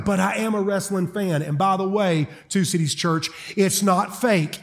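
A man's voice: high voice, normal speed, vocal fry, hardly any pauses. A middle-aged man from South Carolina with a Southern accent, preaching a sermon as a guest in a church and telling folksy, joking stories. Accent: Southern American. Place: church auditorium.

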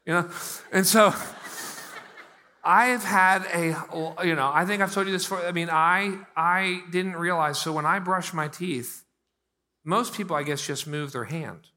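Slight background noise accompanies a high-pitched Pittsburgh man in his thirties preaching as pastor. His sermon shifts from loud, emphatic bursts to slow, soft lines.

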